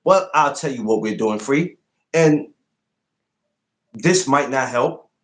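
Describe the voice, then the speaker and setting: A man in a relaxed podcast conversation, his voice sitting in an ordinary middle register. He tells stories with animation and presses his co-host with probing questions. The talk stays loose and casual throughout. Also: mid-range voice, slow.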